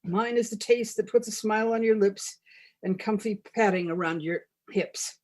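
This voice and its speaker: A woman's voice: medium pitch, normal speed, a little mellow, natural voice. A woman reading aloud as a grandiose chocolate goddess, in a mock-solemn, scripture-like cadence. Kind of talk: reading a humorous parody text aloud.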